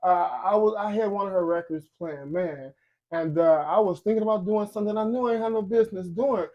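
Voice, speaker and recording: A man's voice: high-pitched, fairly quick, lo-fi sound. A man hosting an interview, earnest and emotional, with frequent affirmations. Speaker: host. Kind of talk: casual interview. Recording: echoey hall with loud music.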